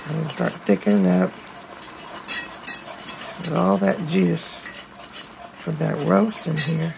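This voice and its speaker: Woman, home cook host, very gravelly, hoarse, on a noisy handheld phone recording in the kitchen. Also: lowish voice, fairly even intonation, takes it slowly. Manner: chatty, talks straight to viewers. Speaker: home cooking channel host. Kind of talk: casual cooking demonstration. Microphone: phone held in one hand.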